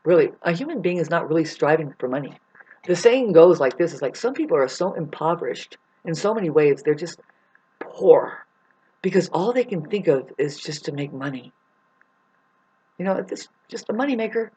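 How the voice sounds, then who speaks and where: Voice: mid-range voice, animated, moderate pace, a little mellow, breathy edge, highs cut off. A vlogger delivering an angry, rambling, profane monologue that warns and scolds the listener. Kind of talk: ranting monologue.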